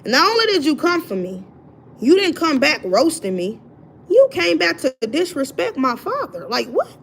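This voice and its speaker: A woman hosting her own livestream, telling a story in an indignant, animated way. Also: high-pitched, normal speed, creaky, a little hiss or hum. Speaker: livestream host. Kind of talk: casual livestream rant.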